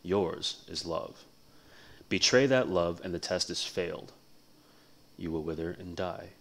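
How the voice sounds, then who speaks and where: An ageless, genderless enchanted pen from a storybook delivers its words in a slow, measured, commanding way, as a man reading aloud puts it on. The voice sits very low and deep. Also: gravelly, a bit bright, exaggerated voice. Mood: solemn oath.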